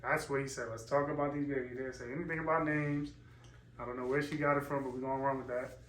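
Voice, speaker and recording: Flat-voiced young man, echoey room. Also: fast talker. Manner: flat, low-key, understated. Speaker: partner. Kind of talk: casual chat. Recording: echoey room, distant mic, faint noise.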